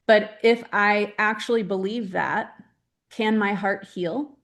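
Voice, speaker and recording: A woman's voice: mid-range voice, slow, a bit bright. Earnest chatty woman guest. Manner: earnest, chatty, many "right?" tags. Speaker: grief specialist guest. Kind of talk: casual interview talk.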